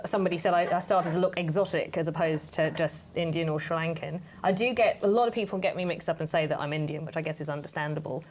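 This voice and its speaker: A woman from London with a softened English accent, speaking as a panel guest in a measured, reflective way. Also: lowish voice. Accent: English, softened by New Zealand. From England. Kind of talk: casual panel chat.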